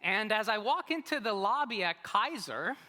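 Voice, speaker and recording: A man preaching a sermon as pastor, telling a story with animated, humorous delivery. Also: high-pitched, moderate pace. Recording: long reverb of a large hall.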